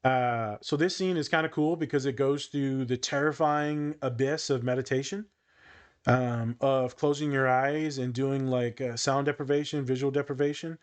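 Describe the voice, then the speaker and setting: Young guy on a podcast, jokey and animated, swears a lot, mid-pitched voice. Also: moderate pace, smooth. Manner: animated, joking, swears casually. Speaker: podcast host and therapist. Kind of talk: casual chat.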